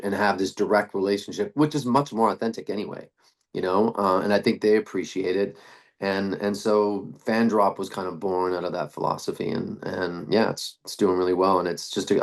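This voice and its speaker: A middle-aged man, a band frontman, talking casually in an interview, rambling with restarts and fillers. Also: fairly low pitch. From Canada.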